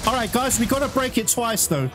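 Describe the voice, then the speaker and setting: A man's voice: very high voice, a little fast. A man giving frantic, swear-filled live gameplay commentary as a gaming channel host. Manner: excitable, swearing, nervous and frantic. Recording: loud game music behind. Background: loud game music.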